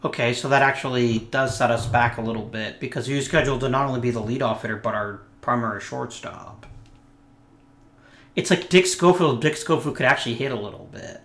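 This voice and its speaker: A man's voice: mid-range voice, a little fast, a bit bright, reverberant. A man hosting a casual let's play, giving wry commentary with muttered asides to himself.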